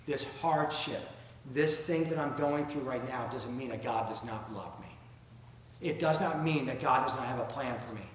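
A man with a Southern accent preaching a sermon, asking rhetorical questions and reading scripture aloud in an earnest way. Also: medium pitch. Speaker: pastor. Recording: very echoey room, faint ambient noise.

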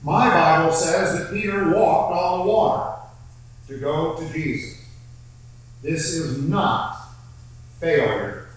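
In a large hall with heavy echo, a man is heard from a distance preaching a sermon that includes scripture reading. His voice sits somewhat high for a man, and he moves at a very slow pace, repeating phrases for emphasis.

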